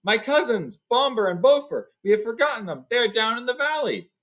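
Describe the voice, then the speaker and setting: A man's voice: extremely high pitch, expressive, fairly quick, a bit bright, pitched above the performer's own voice. A man voicing a panicked male dwarf who speaks in an alarmed, pleading way.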